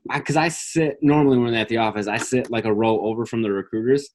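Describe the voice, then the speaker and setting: Company staffer interviewing a new hire, easygoing and conversational, with a wry edge. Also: male voice, medium pitch, fast talker, a little hiss or hum. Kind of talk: casual interview.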